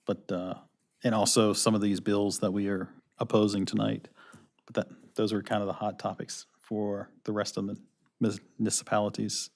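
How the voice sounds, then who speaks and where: A man's voice: lowish voice, level tone, normal speed. A man speaking as a council member at a town meeting, informal and a bit rambling. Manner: casual, rambling.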